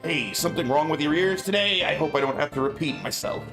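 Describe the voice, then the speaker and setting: Brief: a man putting on a growling, bossy pirate captain from a retro game, over loud game music. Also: medium pitch, expressive, moderate pace, reverberant, natural voice. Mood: gruff commanding. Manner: put-on old-style pirate growl. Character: swaggering disguised pirate captain, gruff growl.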